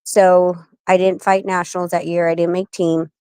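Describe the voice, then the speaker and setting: A woman in her forties, a guest on an interview show, telling animated stories and acting out the people she quotes. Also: lowish voice, moderate pace, clear, resonant tone, no room sound. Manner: animated, acts out quoted voices. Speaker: guest, wife and manager of a boxer. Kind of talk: casual interview storytelling.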